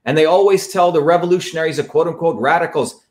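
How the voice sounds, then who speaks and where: A man from India gives a fiery political monologue as the host of his show. He hammers his points home by repeating them, rallying his listeners. His voice sits somewhat high for a man. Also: fast, a little mellow. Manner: emphatic, repetitive, rallying.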